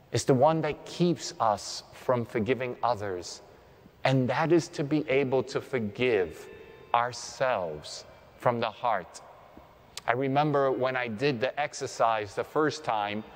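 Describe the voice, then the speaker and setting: Preacher, male, mid-pitched, unhurried guided-prayer delivery, long church reverb. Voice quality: slow, gentle and deliberate, dropping low and soft on key phrases.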